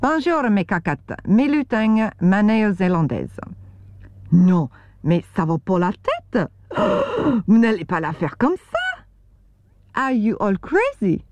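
A woman's voice: mid-range voice, huge pitch swings, unhurried, a little mellow, no room sound, muffled recording. A woman voicing a brash, bossy woman cook, scolding in a raised voice.

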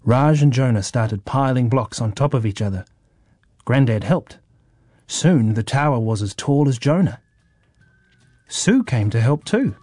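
A man reading a children's story in a calm, measured way. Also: mid-range voice, dry recording, studio quality.

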